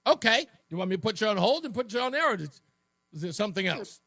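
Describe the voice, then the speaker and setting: A man's voice: high-pitched, very animated, fast, gravelly, bright, forceful tone, no room sound. A male talk radio host giving an emphatic, mocking monologue that repeats its points from a studio.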